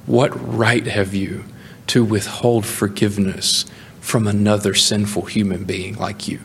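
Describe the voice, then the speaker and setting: A man preaching a sermon, animated, with emphatic rising peaks. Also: lowish voice, measured pace, a little hiss or hum. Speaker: pastor.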